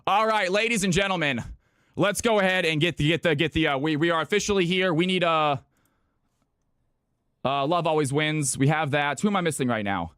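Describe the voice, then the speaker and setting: Out of breath, a California man runs a live stream, speaking quickly and excitedly to viewers and repeating himself while setting up games. His voice is high for a man, with a clean tone, and the sound is dry and close with no room sound.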